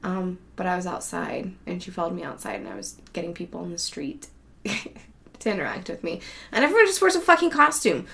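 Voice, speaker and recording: A woman's voice: lowish voice, very animated, brisk, creaky, fairly bright tone, slight background noise. Woman, casual monologue, chatty, laughs often, swears a lot, home recording. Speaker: show host.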